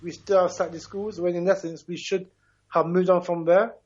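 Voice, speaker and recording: A man's voice: high-pitched, flat delivery, brisk, darkish tone, muffled recording. A man in his fifties from Ghana calling into a radio talk show, talking emphatically and passionately, often checking in with "right?". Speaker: caller.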